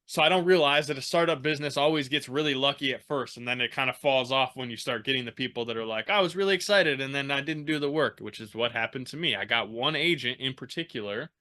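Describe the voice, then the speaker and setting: As a podcast guest, a man tells his own story casually and animatedly, swearing freely and acting out the people he quotes. He speaks quickly in a mid-range voice with few pauses.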